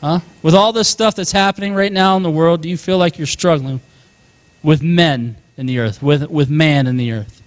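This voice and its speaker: High-voiced animated male preacher. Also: moderate pace, lo-fi sound. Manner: animated, calls out to congregation, chuckles often. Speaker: pastor. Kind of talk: sermon.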